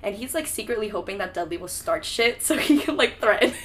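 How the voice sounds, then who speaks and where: A woman's voice: medium pitch, expressive, brisk, a bit bright. A young woman co-hosting a casual book-discussion podcast, breezy and sarcastic, swearing freely as she recaps. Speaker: podcast co-host.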